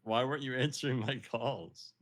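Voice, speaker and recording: A man's voice: mid-range voice, steady tone, moderate pace. A young man on a voice call with a friend, teasing and laughing often. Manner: giggly, teasing. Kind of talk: casual chat.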